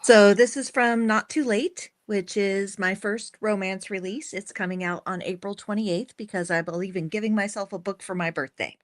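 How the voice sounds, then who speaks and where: A woman's voice: medium pitch, moderate pace, few pauses. Casual woman introducing her book. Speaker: author and panel guest. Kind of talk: casual introduction before a reading.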